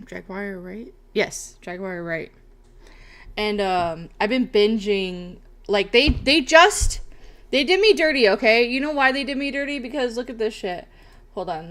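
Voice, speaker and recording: A young woman streamer rambles casually on a livestream, swearing often and ending lines with "bro" and "okay?" Her voice is mid-range and a bit bright.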